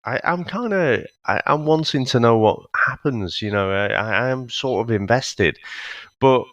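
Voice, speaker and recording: A man co-hosting a casual film-review podcast, talking in a halting, hedging way with sighs and restarts. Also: mid-range voice, expressive, a bit bright, no room sound, muffled recording. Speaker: podcast co-host reviewing films. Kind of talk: casual chat.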